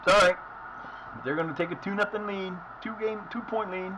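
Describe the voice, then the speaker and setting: A man's voice: sits high, moderate pace, background noise. A man streaming a football game live, swearing often as he rants at his team's play. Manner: frustrated, profane ranting at the game.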